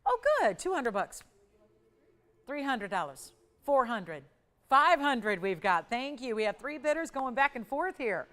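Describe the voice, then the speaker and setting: A woman hosting a live TV jewelry auction, calling out bids in brisk, upbeat sales patter. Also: on the high side, animated, a bit bright, in a large hall. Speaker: live shopping auction host.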